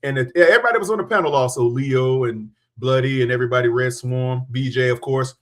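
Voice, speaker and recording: Male panelist, mid pitch, effusive, casual. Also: quick pace. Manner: warm-hearted, effusive thanks. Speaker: podcast panelist. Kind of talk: casual chat.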